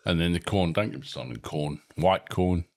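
A man's voice: sits low, normal speed, darkish tone. A man chatting as a podcast guest, joking and teasing the host. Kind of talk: casual chat.

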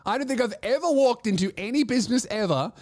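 This is a comedian hosting his own show, delivering a sarcastic, profanity-laced rant. His voice sits notably high for a man, and his grievances pile up one after another. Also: animated, fast talker, darkish tone. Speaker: comedian host. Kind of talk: comedic podcast monologue.

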